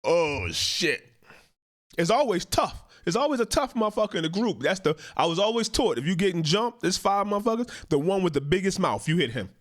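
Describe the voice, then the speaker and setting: A man's voice: high-pitched, big pitch swings, quick pace, few pauses. A man hosting a reaction commentary, talking in a profane, emphatic and indignant way. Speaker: host, commentator.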